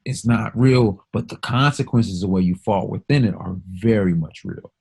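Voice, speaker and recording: Low-voiced man ranting on a podcast. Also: moderate pace, vocal fry, dark tone. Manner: emphatic, profane, storytelling. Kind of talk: casual podcast chat.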